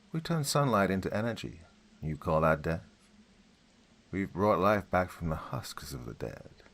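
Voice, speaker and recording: A man voicing a sinister tree entity in a story reading, speaking in a deep, flat monotone. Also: exaggerated voice. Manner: slow, flat, menacing declarations.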